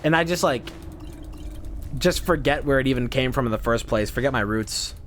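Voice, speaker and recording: A man streaming a game, rambling and swearing casually as he thinks out loud. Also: medium pitch, moderate pace, soft background music. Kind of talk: casual gameplay commentary.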